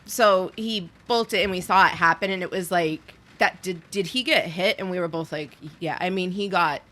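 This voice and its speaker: A woman co-hosting a podcast in casual chat, candid and expressive, swearing freely and laughing as she talks. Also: fairly low pitch, normal speed. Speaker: podcast co-host.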